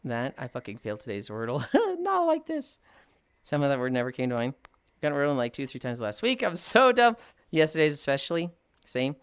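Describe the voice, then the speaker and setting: A woman streamer chatting casually while she plays, animated and swearing freely, laughing often. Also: rumbling low, fast, clean tone, no room sound. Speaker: live streamer. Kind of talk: casual chat while gaming.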